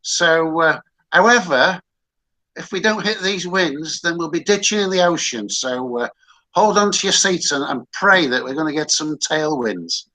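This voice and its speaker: A man voicing a breezy male airline pilot making a jokey, deadpan intercom announcement in a put-on Australian accent. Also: a little high, measured pace, pitched above the performer's own voice, rough recording. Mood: mock-reassuring.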